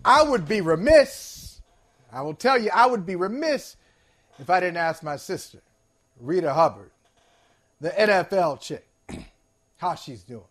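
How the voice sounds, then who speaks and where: A man's voice: a little high, animated, unhurried, pauses often, soft background music. A man hosting a sports talk show, talking in a discursive, emphatic way with playful asides. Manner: sincere and playful, laughs at himself.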